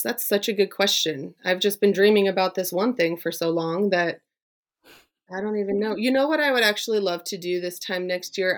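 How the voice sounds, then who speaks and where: A woman business coach, a podcast guest, talking casually and eagerly with lots of fillers. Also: fairly low pitch. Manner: chatty and enthusiastic, many "like" fillers. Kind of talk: casual conversational interview.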